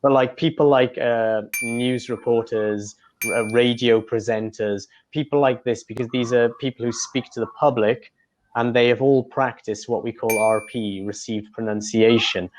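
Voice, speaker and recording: In dull lo-fi audio with a bit of background noise, a man speaks in a mid-range voice at a moderate pace and a fairly even intonation. He's an English tutor explaining his answers to interview questions, often halting with fillers and starting over.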